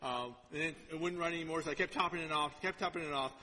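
Animated high-pitched preacher in a hall. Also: male voice, fast. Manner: lively storytelling, acts out quotes. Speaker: pastor. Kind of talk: sermon.

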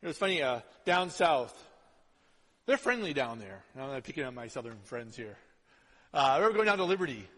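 A male pastor preaching a sermon in a conversational way, dropping to hushed asides and rising to loud emphatic lines. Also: medium pitch, sing-song, normal speed. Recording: long hall reverb.

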